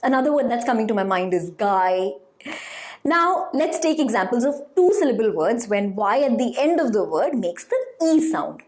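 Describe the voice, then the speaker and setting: A woman teaching a phonics lesson to children, slowly sounding out example words and asking questions. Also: a little high. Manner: slow, lively, sounding out words.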